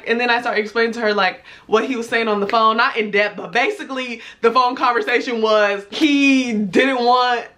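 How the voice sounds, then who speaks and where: A woman in her twenties telling a casual storytime to camera at home, animated and expressive, swearing freely. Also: fairly high pitch, normal speed, few pauses. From United States. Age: 20s. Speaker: vlogger. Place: indoors at home, talking to a camera.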